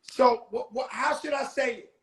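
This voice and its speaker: A man's voice: very high voice, normal speed, a bit bright, reverberant. A man hosting a casual interview over a video call, a little tipsy, joking loosely with plenty of cursing. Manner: loose, joking, profane street talk. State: tipsy from drinking. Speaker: host.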